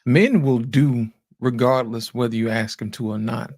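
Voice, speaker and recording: A man hosting a podcast panel in casual chat, animated and often asking "you know what I'm saying". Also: mid-range voice, normal speed, no echo, studio quality. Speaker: podcast host.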